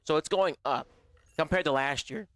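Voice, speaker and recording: A man chatting casually on a gaming livestream, slangy and profane, his voice slightly strained from yelling. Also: on the high side, normal speed, no room sound. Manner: slangy and profane, calls chat bro and baby. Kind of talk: casual live-stream chat.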